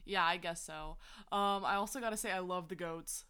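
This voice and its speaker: A woman in casual conversation about a movie, animated and giggly, gasping and tossing in slangy asides. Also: fairly low pitch, normal speed, heavy background noise. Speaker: co-host reviewing a film. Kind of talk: casual chat.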